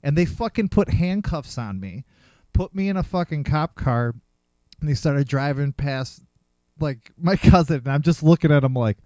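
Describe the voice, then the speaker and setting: A man in his thirties, speaking a little higher than most men, rambles through a casual story on his own podcast. He swears freely and breaks off into self-mocking asides. The sound is dry and close, with no room around it. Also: expressive, moderate pace, a little mellow, no echo. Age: 30s. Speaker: solo podcast host.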